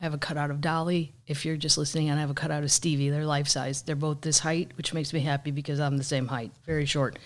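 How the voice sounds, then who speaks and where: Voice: mid-range voice, level tone, fast, hardly any pauses. A vlog host in casual chat, talking in a rambling, sarcastic way with plenty of dry asides. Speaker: vlogger host.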